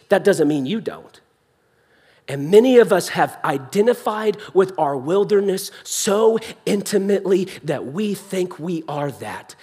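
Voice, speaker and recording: A man's voice: high voice, lively intonation, a little slow, slightly rough. A young adult man preaching a sermon in a church hall, impassioned yet conversational.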